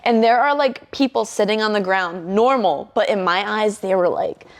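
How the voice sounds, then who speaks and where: Brief young woman guest, lively storyteller, acts out quotes, swears a lot, mid-pitched. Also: moderate pace. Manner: animated, acts out her own quotes, swears often. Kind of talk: casual podcast storytelling.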